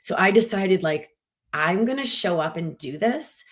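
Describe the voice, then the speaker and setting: A middle-aged woman leading a live online event, talking in a chatty, animated way with lots of fillers and acted-out quotes. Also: on the low side, unhurried. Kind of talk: casual motivational talk.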